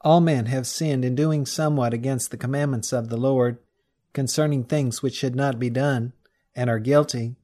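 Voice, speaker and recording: A man of middle pitch reads a religious text aloud. His delivery is measured and solemn, and he slows down on the quoted scripture. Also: steady tone, dark tone. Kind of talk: read-aloud sermon text.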